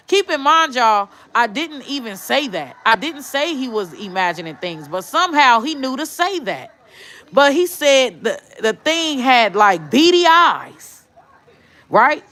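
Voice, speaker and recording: A woman's voice: high voice, sing-song, unhurried, sharp tone. A woman telling a story in a casual vlog, rambling and dropping tag questions and swear words all the way through. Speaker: vlogger.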